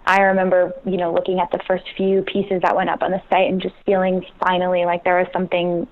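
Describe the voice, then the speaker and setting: A woman's voice: on the low side, monotone, fast talker. An American woman guest on a phone interview, self-deprecating, laughing often and restarting her sentences. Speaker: comedian guest. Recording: tinny phone line.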